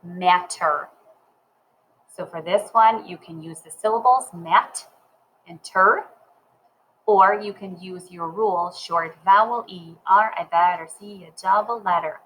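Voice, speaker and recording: A woman's voice: fairly low pitch, a little slow, a bit bright, a little hiss or hum, rough recording. A woman teaching a reading lesson, sounding words out syllable by syllable and spelling them letter by letter.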